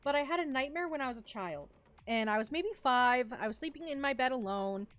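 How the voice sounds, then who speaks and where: A young woman streamer chatting casually with her live chat, telling a story in a giggly, animated, rambling way. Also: high voice, a little fast. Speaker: vtuber streamer.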